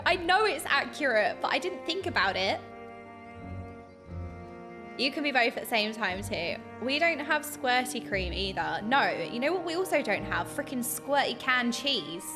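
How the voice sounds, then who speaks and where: A young British woman with a British accent chatting animatedly while streaming a game, bursting into laughs and mock outrage. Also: a little high. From United Kingdom.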